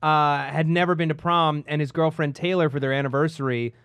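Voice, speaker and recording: A young man co-hosting a casual podcast, cutting in with quick jokes. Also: fairly high pitch, fairly even intonation, a bit bright, clean tone, dry recording. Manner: quick jokey interjections. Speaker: podcast co-host. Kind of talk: casual chat.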